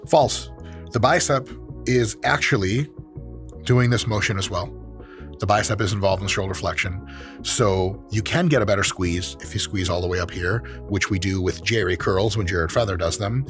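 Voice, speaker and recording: A man's voice: fairly low pitch, moderate pace, a bit bright, faint music behind. A man who is an exercise science professor, hosting and giving joking, profane commentary on training clips. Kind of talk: casual commentary on training videos.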